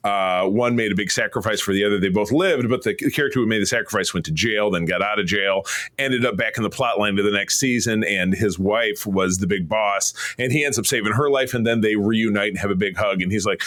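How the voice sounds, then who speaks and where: A man co-hosting a podcast in casual chat, animated and quick to laugh, sometimes mimicking characters. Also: on the low side, no room sound, studio quality. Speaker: podcast co-host.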